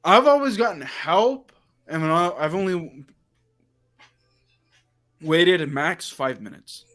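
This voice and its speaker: A man hosting a livestream, chatting casually and telling an animated story full of quoted back-and-forth dialogue. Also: a little high, slow pace, faint music behind. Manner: animated storyteller, quoting himself and others in reported dialogue. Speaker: livestream host. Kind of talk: casual chat.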